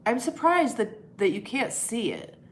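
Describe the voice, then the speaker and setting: A woman hosts a casual live stream, talking unhurriedly with her viewers. Her manner is playful and teasing, and now and then she bursts into loud joking noises. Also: a little high, big pitch swings, unhurried, very noisy.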